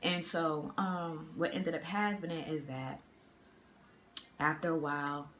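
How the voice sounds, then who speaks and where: A woman's voice: low voice, fairly even intonation, measured pace, fairly bright tone, a little hiss or hum. A woman from the area, telling a story in a casual storytime vlog. She talks in a loose, chatty way full of fillers and slang, recorded on a phone. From Boston area. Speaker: vlogger. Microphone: phone camera.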